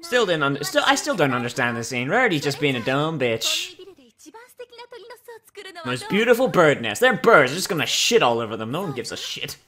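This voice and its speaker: Low-voiced woman cracking crude jokes. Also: very animated, moderate pace, a bit bright. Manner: crude, sarcastic and profane. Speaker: video host reacting to a cartoon. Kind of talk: casual reaction commentary.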